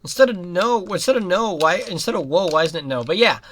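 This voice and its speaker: A young adult giving rambling let's-play commentary, breaking into giggles and sudden loud outbursts at the game. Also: mid-range voice, expressive, a little fast, slight background noise. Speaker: gaming commentator.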